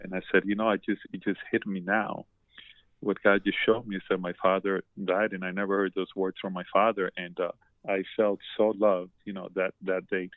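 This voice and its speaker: A man with a fairly low voice tells a heartfelt story, circling back on his words and restarting his sentences. The sound is dry and thin, squeezed like a phone line. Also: level tone, fairly quick, no room sound. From Colombia. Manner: emotional, repeats words, many restarts. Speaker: podcast guest.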